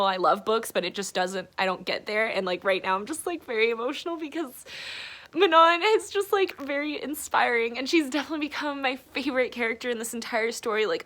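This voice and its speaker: A woman's voice: on the high side, fairly bright tone. A young woman vlogging about a book she is reading, emotional and close to tears, rambling with many fillers. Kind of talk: casual reading vlog.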